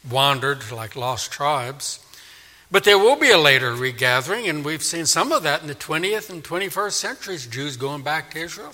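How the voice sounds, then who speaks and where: A male preacher with a very bright, sharp voice delivers a sermon, slipping into dramatic voices for God and the crowd. His voice sits a little high, and a long reverb trails each phrase. The sound carries the echo of a large hall. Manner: dramatic, acts out God's and people's voices. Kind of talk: expository sermon.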